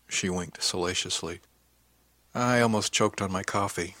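A young man narrating an audiobook in the first person at a steady, plain storytelling pace. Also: low voice, a little slow, no room sound, studio quality.

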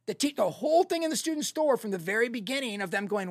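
A man's voice: very high voice, animated, quick pace, few pauses, no echo, clean studio sound. A middle-aged man, a film director as guest, telling stories casually and acting out other people's lines in quoted voices. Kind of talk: casual anecdotal storytelling.

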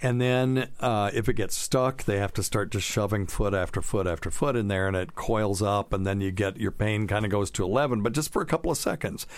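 A man's voice: on the low side, a little fast, hardly any pauses, no echo. A man who is a physician, hosting a casual talk show and explaining medical things in a frank, joking way. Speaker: physician podcast host.

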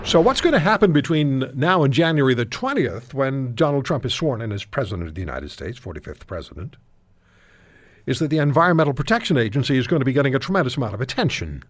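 A man's voice: mid-range voice, no room sound. A man hosting a talk radio show, interviewing guests and giving emphatic commentary with frequent restarts.

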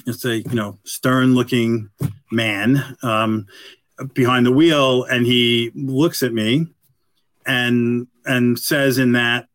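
A middle-aged man, a retired police detective, tells a long story as an interview guest. He talks in a halting, rambling way and keeps saying "you know". His voice sits at an ordinary pitch and sounds close and dry, with no room echo. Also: steady tone, a bit bright.

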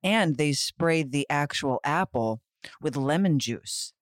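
A man's voice: fairly high pitch, expressive, slow pace, no room sound, studio quality. A man co-hosting a podcast in casual chat, playful and rambling, teasing his co-host.

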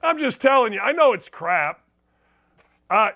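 Sports radio host, a man with a high, bright voice, blunt and sarcastic, lively delivery. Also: a little slow. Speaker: sports talk show host. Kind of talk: opinionated sports talk monologue.

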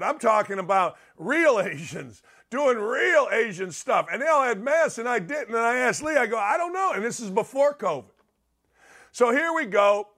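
A man's voice: high-pitched, fairly bright tone. A middle-aged man hosting a talk show, delivering a brash, sarcastic, rambling opinion monologue.

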